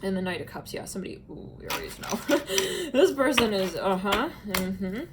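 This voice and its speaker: A woman's voice: medium pitch, very animated, normal speed, noisy background. A woman giving a casual tarot reading, chatty and musing, often breaking into laughter. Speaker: tarot reader.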